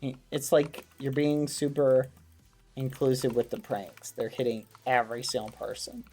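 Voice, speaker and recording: Male game streamer, casual excited chat, wholesome exclamations, mid-pitched voice. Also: moderate pace, soft background music. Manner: excitable, talks to his chat; wholesome, avoids swearing. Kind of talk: casual gaming livestream chat.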